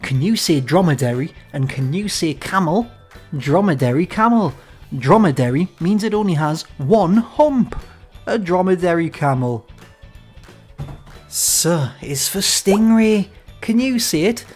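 A woman teaching animal names to young children in a slow, sing-song way, inviting them to repeat each word. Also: on the low side, expressive, darkish tone, husky, faint music behind. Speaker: children's educational host.

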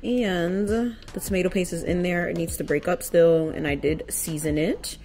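A woman's voice: on the low side, steady tone, moderate pace, darkish tone. A woman vlogging a story from home, ranting in a heated, profane way. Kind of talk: storytime vlog. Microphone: camera.

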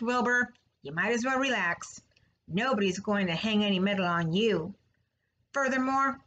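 A woman reading as a hoarse, greedy storybook rat who sneers and gloats over his own feasts. His voice rises and drops unevenly and gets a little raspy at the edges. He sounds stuffed and smug. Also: mid-range voice, fairly bright tone, slight background noise, low-quality recording. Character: gluttonous gloating male rat.

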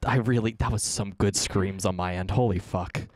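Low-voiced man rambling to his stream. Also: fairly even intonation, normal speed. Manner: rambling, swearing, laughing at himself. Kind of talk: casual livestream commentary.

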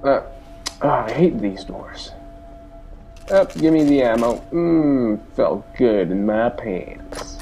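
A man's voice: medium pitch, animated, slow, warm tone. Goofy young man narrating gameplay. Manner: goofy, boastful, whoops and cheers. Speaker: gamer. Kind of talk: let's play commentary. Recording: game sounds and engine noise behind.

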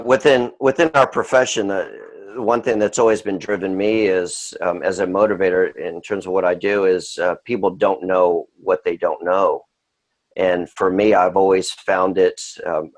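A man who works as a strength coach, speaking as a podcast guest in a measured, reflective way with some ums. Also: low voice, rough recording. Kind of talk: casual podcast chat.

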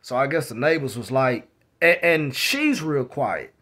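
A man's voice: medium pitch, expressive, measured pace, pushed and bright. A man vlogger telling a story in a casual, rambling way, repeating words and starting over.

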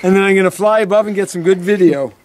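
A man's voice: high-pitched, fast talker, a little mellow. A man hosting a family vlog, narrating casually to the camera outdoors by a lake and joking along the way. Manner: jokey, chatty, talking to camera. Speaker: vlog host, dad. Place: outdoors by a small lake and marsh.

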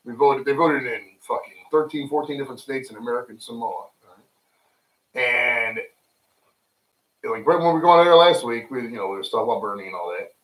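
In a roomy recording with the mic set back, a man hosts a casual livestream from a home room with friends. His medium-pitched voice is brisk and fairly bright as he rambles, jokes, and swears off the cuff.

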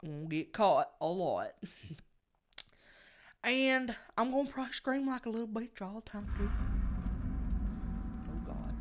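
Male gaming host, very high voice, slow profane nervous commentary. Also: lively intonation. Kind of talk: let's play commentary.

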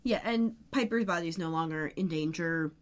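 A woman's voice: fairly low pitch, a little fast. A woman co-hosting a podcast, recapping a TV episode with playful, joking banter. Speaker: podcast co-host. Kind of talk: casual recap chat.

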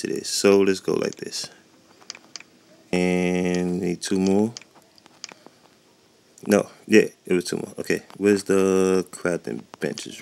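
A man with a low, deep voice talks casually over a game, rambling and often losing his thread. His voice has a gravelly, creaky edge. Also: a little mellow. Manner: rambling, chatty, loses his train of thought. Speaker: gaming YouTuber. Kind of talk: casual gameplay commentary. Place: warm indoor room at home.

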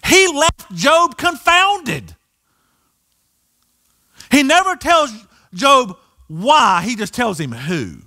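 Animated high-voiced man preaching. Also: extremely slow, long pauses. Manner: animated preaching, acting out voices of crowds and Jesus. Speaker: pastor. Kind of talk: sermon. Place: church sanctuary.

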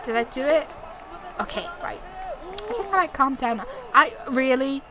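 A woman's voice: high voice, lively intonation, normal speed, heavy background noise. A woman doing chatty let's play commentary at home on a desktop mic, narrating her moves and often laughing. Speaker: gaming YouTuber. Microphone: desktop USB mic.

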